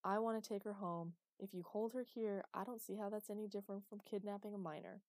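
A woman's voice: medium pitch, steady tone, a little fast, a little mellow, no echo, clean studio sound, close to an everyday voice. A woman voicing a protective father who talks urgently and insistently. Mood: insistent, angry. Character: protective father, worried then furious.

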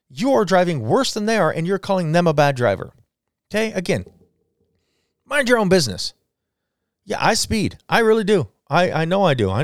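A man's voice: fairly high pitch, no echo, clean studio sound. A man in his forties hosting a solo podcast, ranting bluntly and swearing freely. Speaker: podcast host. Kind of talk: casual solo podcast rant.

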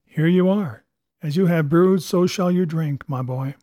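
A man's voice: fairly high pitch, a little slow, mellow, no echo, close to an everyday voice. A man voicing a stern but kindly older doctor who speaks earnestly and urgently in a storybook reading.

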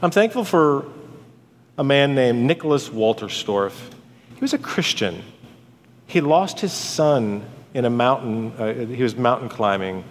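A man's voice: mid-range voice, lively intonation, a little slow, slight background noise. A man preaching a sermon as pastor, earnest and conversational, with storytelling asides. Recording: long church hall reverb.

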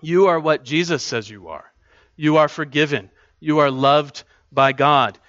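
Guy preaching in church, bright voice, kinda higher pitched, muffled dry recording. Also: animated, measured pace, no room sound. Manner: earnest, conversational preaching with repeated restarts. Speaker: pastor. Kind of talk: sermon.

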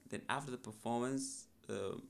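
This young musician speaks at a moderate pace in a gravelly, medium-pitched voice. Appearing as a podcast guest in a casual interview, he reflects on his story in a relaxed, laid-back manner.

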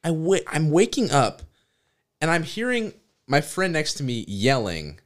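A man's voice: on the high side, very animated, unhurried. A young man hosting a podcast, telling a road trip story in a casual, laughing way. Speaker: podcast host.

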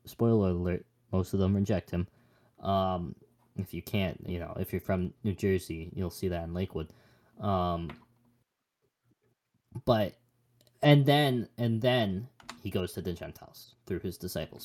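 A man's voice: low-pitched, unhurried, a little mellow. A young man co-hosting a podcast, chatting casually about Bible passages in a rambling, joking way with many restarts. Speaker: podcast co-host.

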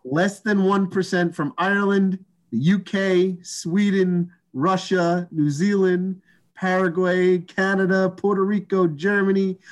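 A man co-hosting a podcast in casual chat, halting and restarting his sentences. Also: sits high. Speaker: podcast co-host.

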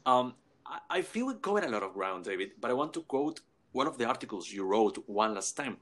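A man hosting an interview, eager and a bit halting as he frames his questions. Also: medium pitch, sing-song, a bit bright. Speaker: podcast host. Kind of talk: casual interview.

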